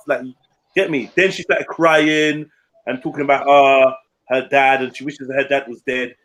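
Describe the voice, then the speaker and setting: A man's voice: a little high, moderate pace, fairly bright tone. A man, telling a story in casual, blunt, slangy podcast chat. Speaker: podcast co-host.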